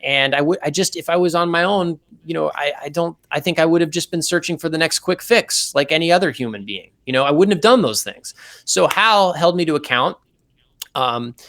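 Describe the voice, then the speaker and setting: A man, a guest saxophonist in an interview, telling animated anecdotes and explaining technical ideas step by step in a relaxed way. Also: a little high, fairly quick.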